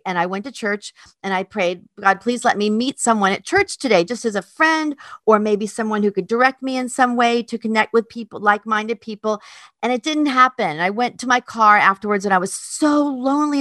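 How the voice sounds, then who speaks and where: A woman from North Carolina, a podcast host and dog trainer, telling a heartfelt story in a casual, animated way. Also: a little high, no room sound, studio quality. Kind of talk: casual chat.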